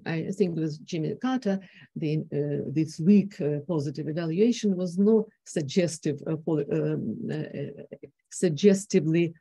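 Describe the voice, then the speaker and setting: A woman's voice: fairly low pitch, mellow, dry recording. Woman giving a hesitant conference talk. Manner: hesitant, many fillers and restarts. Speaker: conference speaker. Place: conference hall.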